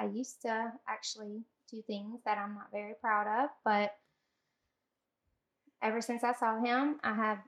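A woman's voice: mid-range voice, reverberant. A woman, chatting and telling stories about her life. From Southern United States. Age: 30s. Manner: chatty, animated storyteller. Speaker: guest. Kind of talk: casual chat.

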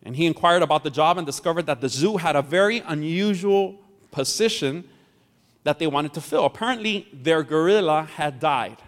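A man's voice: fairly high pitch, moderate pace. A man preaching a sermon as pastor, telling a story and joking with the congregation. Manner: jokey, chats with the congregation. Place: church hall. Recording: long hall reverb.

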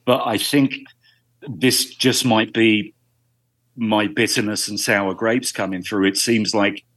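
A man's voice: on the low side, fairly even intonation, takes it slowly, a bit bright. A British man, a guest actor, chatting casually in a podcast interview and telling dry, self-deprecating stories. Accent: British English. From Britain.

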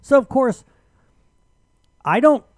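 A radio host man tells a heated story in a high, restless voice. His pitch leaps all over as he argues his case. The sound is dry and close. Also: slow, no echo. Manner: animated, argumentative storytelling. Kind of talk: casual chat.

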